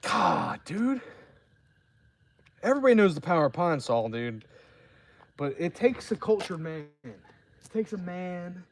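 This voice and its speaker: A man's voice: high voice, very animated, a little slow, pauses often. A tipsy man streaming live outdoors by a campfire, talking in a rambling, profane, casual way. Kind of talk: casual livestream chat.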